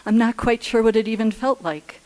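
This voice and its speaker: A woman telling a personal story live on stage at a story slam, earnest and unhurried, with halting restarts. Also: a little high, a little mellow.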